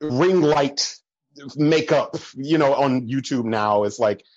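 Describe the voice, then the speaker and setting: A man chatting casually as a podcast guest, telling stories full of fillers, laughing often and jumping higher in pitch when he quotes people. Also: takes it slowly, dull audio. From American Midwest. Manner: animated storyteller, swings up in pitch when quoting people. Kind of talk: casual chat.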